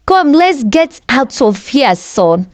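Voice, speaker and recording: A betrayed politician coldly casts off his wife. A woman storyteller voices him in a slow, measured, dry delivery. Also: sits high, sing-song, dry recording, heavily acted. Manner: cold, dismissive. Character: stern betrayed husband, an honorable politician.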